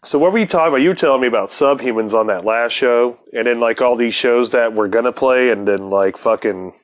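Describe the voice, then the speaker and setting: A man's voice: medium pitch, fairly quick. A man hosting a casual chat, laid-back and laughing often, with plenty of swearing.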